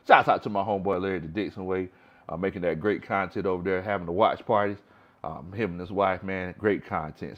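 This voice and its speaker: Man, about forty, relaxed sports livestream host, repeats himself. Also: sits low, dull audio. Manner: relaxed, repeats words often as he talks. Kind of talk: casual fan livestream chat.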